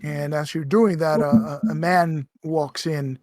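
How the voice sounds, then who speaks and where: A man running a tabletop game as game master, in a slightly high voice. He narrates slowly with many fillers and restarts. The recording is dry and close. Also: steady tone, a little mellow, no room sound.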